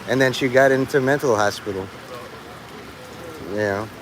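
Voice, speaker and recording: A man's voice: mid-range voice, moderate pace, a little hiss or hum, rough recording. Rambling, profane man streaming outdoors. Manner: profane, meandering, full of fillers. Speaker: livestreamer. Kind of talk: rambling live stream monologue. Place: outdoors in the rain. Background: rain.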